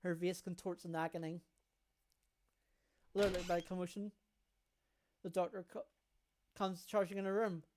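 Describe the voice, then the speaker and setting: A woman's voice: lowish voice, a little slow, pauses often, slight background noise. Woman streamer narrating game text. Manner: steady storytelling, with a brief excited outburst. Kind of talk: reading game text aloud. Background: faint game music.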